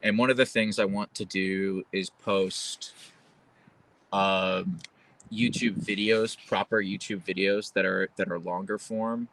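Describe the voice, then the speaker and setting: A man's voice: sits low, fairly even intonation, unhurried, creaky, a bit bright, poor audio. A man hosting a casual live stream at home, chatting in a rambling way full of fillers and restarts. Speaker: livestream host. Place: at home, with his dogs.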